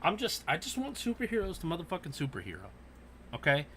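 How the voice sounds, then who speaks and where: Podcast host, male, bright voice, lively swings in pitch, profane ranting storyteller. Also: quick pace, a little hiss or hum. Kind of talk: casual podcast chat.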